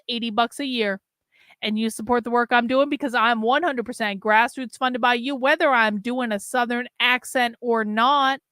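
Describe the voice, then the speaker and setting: A woman's voice: on the high side, a bit bright, clean tone, no room sound, clean studio sound. A woman hosting a casual livestream, a little drunk, chatting breezily as she plugs her merch and thanks viewers. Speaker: host.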